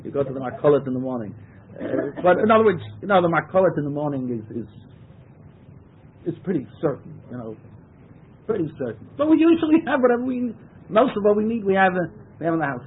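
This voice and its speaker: A man's voice: high voice, big pitch swings, fairly quick, husky. Man teaching over a tinny line. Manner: translates verses phrase by phrase, emphatic. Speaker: Torah teacher. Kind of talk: text-study lecture. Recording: tinny phone-like lecture recording.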